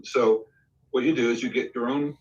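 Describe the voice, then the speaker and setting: A man's voice: mid-range voice, moderate pace, far from the mic, lo-fi sound. A man telling a recording studio anecdote on a live video call, acting out the quotes. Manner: animated anecdote with acted-out quotes. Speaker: guest telling a studio story. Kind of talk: casual storytelling on a live stream.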